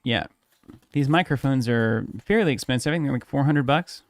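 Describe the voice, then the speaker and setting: A man's voice: mid-range voice, normal speed, no echo. Joking, teasing man on a stream. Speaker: co-host of a card game stream. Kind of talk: casual banter during live stream. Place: home streaming studio. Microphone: studio broadcast microphone on a boom.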